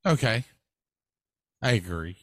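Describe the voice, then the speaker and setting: A man in a relaxed conversation, talking slowly and leading with questions. His voice is low, with lively ups and downs in pitch. The sound is dry and close. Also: dry recording. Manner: leads with questions, slow and drawn out. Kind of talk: casual chat.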